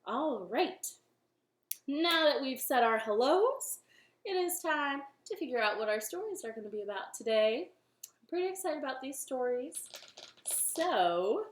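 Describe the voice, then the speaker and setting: A woman hosting a children's storytime from her living room, chatty and playful as she talks to young children. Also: on the high side. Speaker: library storytime host. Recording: roomy home recording with faint ukulele.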